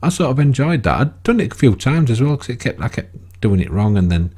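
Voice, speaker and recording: A man's voice: mid-range voice, sing-song, brisk, dark tone, breathy edge. A man giving rambling, chatty gameplay commentary, often ending remarks with tag questions. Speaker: gaming video creator.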